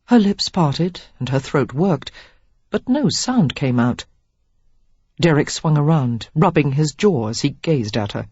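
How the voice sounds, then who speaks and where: An audiobook narrator giving an expressive, lively reading of a romance novel. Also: medium pitch, breathy edge, no echo, muffled recording.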